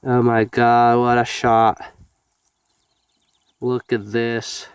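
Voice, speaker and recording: Excitable young man vlogging with his dog. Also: medium pitch, drawn-out words, clear, resonant tone, no echo. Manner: excitable, swears freely, scolds and coaxes his dog. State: sniffly, getting sick. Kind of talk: casual outdoor vlog talking to his dog. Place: outdoors by a lake in the rain. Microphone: phone.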